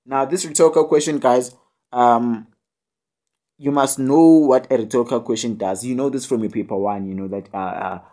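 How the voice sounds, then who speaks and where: With a warm, steady tone at medium pitch and normal speed, a young man with a South African accent teaches poetry in a relaxed video tutorial. As an online tutor, he leans on fillers and tag questions while joking with and scolding his students.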